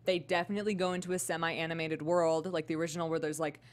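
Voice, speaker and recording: A young woman co-hosting a podcast, recounting convention news in an animated, casual way with lots of "like.". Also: low-pitched, fast talker. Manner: animated storytelling, heavy use of "like". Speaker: podcast co-host. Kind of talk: casual chat.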